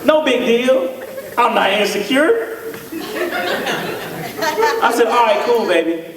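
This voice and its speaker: Casting: high-voiced male speaker, storytelling with voices, recorded from afar in an echoey church with a laughing crowd. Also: sing-song, slow pace, distant mic. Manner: storytelling, acts out dialogue in voices. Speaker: psychologist speaking to couples. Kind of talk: humorous church talk. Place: church hall. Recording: echoey church hall, mic from afar, audience. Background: laughing audience.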